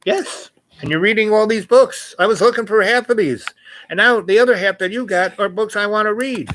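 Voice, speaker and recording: Man putting on a bright eager young woman. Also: sits high, a little fast, voice pushed up.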